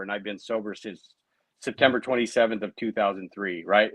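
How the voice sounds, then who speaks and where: A man's voice: fairly low pitch, fairly even intonation, brisk, fairly bright tone, breathy edge, no room sound, poor audio. A man in his late thirties, a guest in an interview, telling his personal recovery story in a conversational way, often adding "right?" and "you know". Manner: conversational, many tag questions and fillers.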